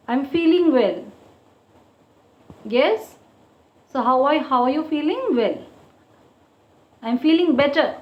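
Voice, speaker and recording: A woman teacher with a high voice works slowly through a grammar lesson, repeating each point and asking "okay?" as she goes. The recording is dull and lo-fi, with an echoey room around her. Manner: slow, drawn-out explanations, repeating each point and checking with "okay?". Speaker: school teacher.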